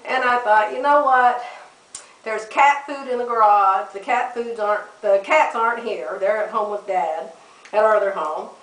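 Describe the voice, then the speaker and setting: A woman's voice: medium pitch, moderate pace, a bit bright. A middle-aged woman chatting to camera, telling a funny story and laughing often. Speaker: vlogger. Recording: echoey room, mic at a distance.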